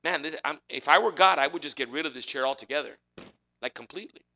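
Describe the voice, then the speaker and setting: A man preaching a sermon in a lively, conversational way, using chairs as props to make his point. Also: fairly high pitch, fast, creaky. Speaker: pastor.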